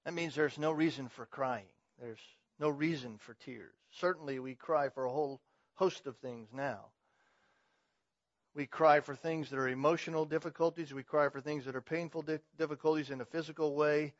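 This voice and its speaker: A man's voice: fairly high pitch, fairly even intonation, fairly quick, dry recording. Man preaching a sermon, dry dull sound. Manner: swings from loud, emphatic preaching to quiet, conversational asides. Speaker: pastor.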